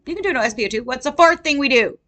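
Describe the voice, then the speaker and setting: Animated bright-voiced woman tutoring nurses. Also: sits high, racing. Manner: animated, quizzing students, acts out patients. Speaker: nursing tutor. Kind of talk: casual classroom review lesson.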